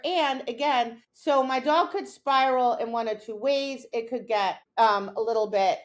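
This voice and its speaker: A woman's voice: on the high side, a little slow, few pauses. A middle-aged woman co-hosting a podcast, explaining dog training in a casual chat and acting out her own lines and her dog's reactions.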